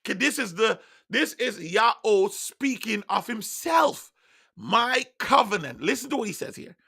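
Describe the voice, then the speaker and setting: A slightly slow online sermon comes from a man whose mother tongue is Jamaican Patois; his high, bright, gravelly voice swings widely in pitch. He's insistent and emphatic, at times bursting into loud declarations, and his delivery cuts with a sharp, piercing quality.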